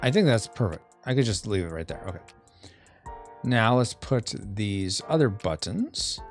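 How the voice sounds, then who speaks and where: Lively man chatting through an art stream. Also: fairly low pitch, normal speed, soft background music. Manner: thinks aloud, reads chat, playful sound effects. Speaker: streamer and podcast host. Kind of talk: casual live-stream chat while drawing.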